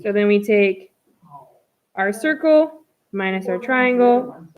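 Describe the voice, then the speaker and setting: A woman's voice: mid-range voice, expressive, takes it slowly, phone-quality sound. A woman math teacher running a live online review, talking through each step in a chatty way. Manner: chatty, walks through steps aloud.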